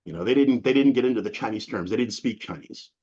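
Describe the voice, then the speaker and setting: A middle-aged man from Massachusetts, an interview guest telling stories in a casual, animated way, acting out the people he quotes with big jumps in his voice. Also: mid-range voice, fast talker, breathy edge. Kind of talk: casual storytelling. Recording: dull lo-fi sound.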